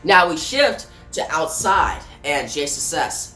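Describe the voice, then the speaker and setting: A man's voice: on the high side, very animated, slow, few pauses, bright, forceful tone. A man recapping a comic book issue scene by scene, voicing the sound effects. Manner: plain retelling, voices sound effects. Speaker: comic reviewer. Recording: roomy echo, faint music.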